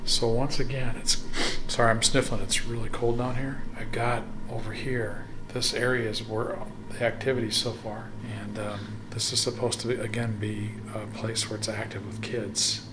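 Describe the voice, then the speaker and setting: A man investigating a haunted hospital at night, talking in a hushed voice, often whispering, and calling out to spirits in a cold dark basement. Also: lowish voice, level tone, normal speed, background noise. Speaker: paranormal investigator. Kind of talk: ghost hunting vlog commentary.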